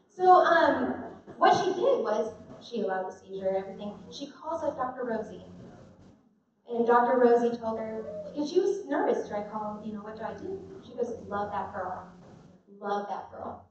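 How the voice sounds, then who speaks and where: Animated woman in an echoey hall. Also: a little high, a little hiss or hum. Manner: animated, storytelling, conversational. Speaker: patient giving a testimonial. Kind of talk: live talk to an audience. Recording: echoey hall, voice from a distance, dull sound.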